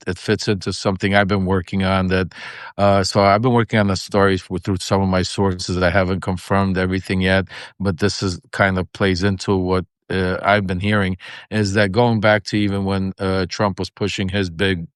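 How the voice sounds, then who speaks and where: Man, political guest, halting, hedging, low pitch, flat monotone delivery. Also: clean tone, no echo, studio quality. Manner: halting, hedging, builds points slowly. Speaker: podcast guest. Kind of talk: political discussion.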